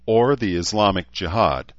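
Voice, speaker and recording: A blunt, wry young man with a hard edge, read by a male narrator. The voice sits very low on a dry, slightly muffled recording. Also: moderate pace, no echo, lightly acted.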